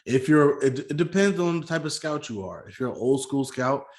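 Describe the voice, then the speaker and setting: A man's voice: mid-range voice, lively intonation, moderate pace, reverberant. A man co-hosting a casual sports podcast, arguing his points and often repeating himself. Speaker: podcast co-host.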